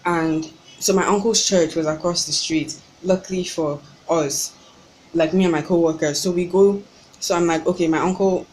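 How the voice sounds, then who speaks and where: A woman's voice: on the low side, steady tone, normal speed, darkish tone, slight background noise, poor audio. A young woman with a Nigerian accent, telling an exasperated story in a ranting vlog. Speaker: vlogger.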